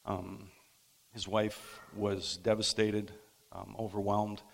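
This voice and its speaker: Gravelly pastor with long hall reverb. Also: male voice, fairly low pitch, level tone. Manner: halting, unhurried storytelling with frequent pauses. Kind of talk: sermon storytelling.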